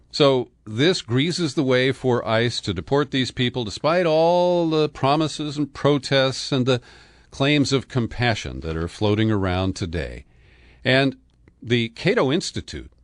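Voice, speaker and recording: A man's voice: medium pitch, no room sound. Sardonic man with a dry close sound. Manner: sardonic, scornful asides. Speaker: political commentary host. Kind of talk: opinionated news commentary.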